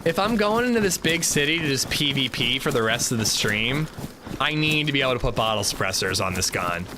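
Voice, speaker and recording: A man casually commenting on his survival shooter game during a livestream, chatting with viewers and reacting out loud. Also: medium pitch, animated, brisk, background noise. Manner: chatty, reacts loudly, talks to chat. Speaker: streamer playing a survival shooter.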